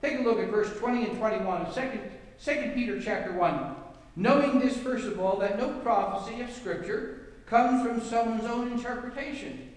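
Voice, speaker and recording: High-voiced pastor preaching in an echoey hall. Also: male voice, normal speed, recorded from a distance. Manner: earnest, emphatic, often repeats and restarts phrases. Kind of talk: sermon with opening prayer.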